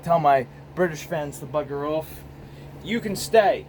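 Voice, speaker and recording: A man's voice: fairly high pitch, unhurried, slight background noise, poor audio. An American man hosting his own casual vlog, rambling and profane, filmed on a phone. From United States. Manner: rambling, profane, many restarts. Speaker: host.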